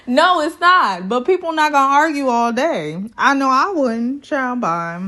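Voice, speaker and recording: A woman with a slightly high voice running a casual reality TV recap. She is sassy and talkative and speaks directly to her viewers. She retells scenes in rapid back-and-forth dialogue. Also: expressive, sharp tone. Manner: sassy, chatty, talks straight to viewers.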